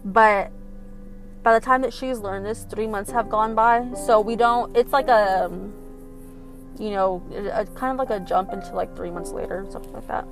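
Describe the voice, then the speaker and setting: A young woman casually retelling a film plot, animated and profane, with lots of fillers. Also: medium pitch, normal speed, over music. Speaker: film recapper. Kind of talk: casual storytelling recap.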